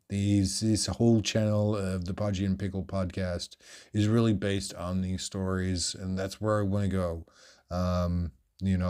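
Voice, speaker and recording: An Australian man tells stories in a solo podcast, his voice fairly low and warm. He projects and speaks carefully and clearly, but keeps wandering off with fillers. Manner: projected, animated, deliberately clear speech; rambling with frequent fillers. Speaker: podcast host. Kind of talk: storytelling monologue.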